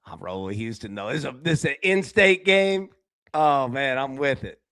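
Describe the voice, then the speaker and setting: A middle-pitched man hosts a live sports betting show, casual and lively, calling out chat viewers by name and swinging between loud excited bursts and quiet low asides. He speaks at normal speed with a clean tone, in an indoor room with a window. The sound is close and dry, with almost no echo.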